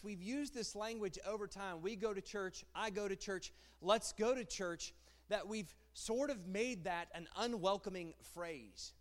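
High-voiced man preaching in a hall. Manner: animated, rhetorical, repeats phrases. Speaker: pastor. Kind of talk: sermon. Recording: long hall reverb.

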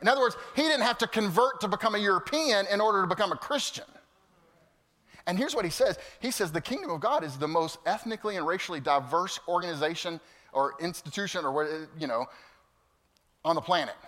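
Bright preacher guy, goes loud then real quiet, big church echo. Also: sits high, brisk. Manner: animated, storytelling, swings from loud to hushed. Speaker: pastor. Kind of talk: sermon. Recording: long hall reverb.

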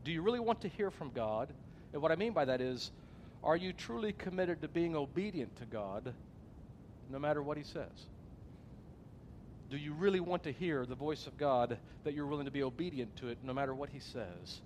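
A man delivers a sermon with a slightly raised pitch, moving between forceful emphasis and quiet, near-whispered passages. He tells stories and jokes, acting out the quotes as he goes. A faint low rumble sits underneath. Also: lively intonation, moderate pace. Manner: dynamic preaching, swinging from loud emphasis to hushed softness; storytelling with acted quotes and a joke. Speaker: pastor.

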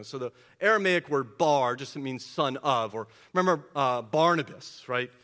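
A man preaching a sermon as pastor, asking rhetorical questions, swinging from loud peaks to low, quiet stretches, and often repeating words as he starts. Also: animated. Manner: repeats words when starting, quick asides.

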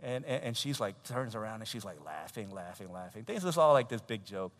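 A man in his thirties preaching a sermon, telling a family story in an animated way, with laughter and acted quotes. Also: on the low side, a little fast. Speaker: pastor. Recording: long hall reverb.

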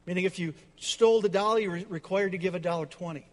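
A man's voice: high-pitched, quick pace, a little mellow, long reverb tail. A man preaching a sermon as pastor, dramatic and emphatic with repetition, in a church.

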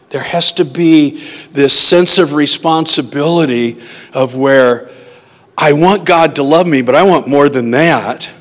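Slow-speaking preacher in an echoing hall. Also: male voice, a little high. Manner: conversational, asks the audience questions. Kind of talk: sermon. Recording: long hall reverb.

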